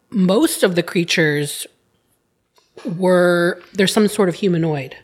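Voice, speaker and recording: A woman taking part in a casual podcast chat, speaking in a measured, deliberate way. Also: on the low side.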